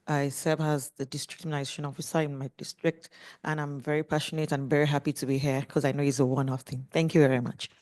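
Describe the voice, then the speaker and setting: A woman's voice: low voice, flat delivery, fast, a little mellow. A woman from Nigeria, a public health physician, giving an earnest self-introduction to a course group.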